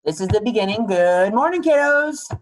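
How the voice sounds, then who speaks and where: A man's voice: high voice, expressive, normal speed, poor audio. A male teacher giving a casual, chatty read-aloud and lesson for young kids, talking to them directly.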